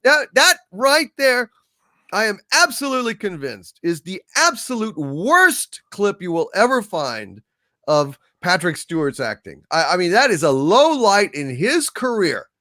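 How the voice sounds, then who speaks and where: A man's voice: high voice, sing-song, unhurried, bright, forceful tone, no room sound, clean studio sound. A man co-hosting a casual live-stream chat, sarcastic and mocking as he talks. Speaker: co-host.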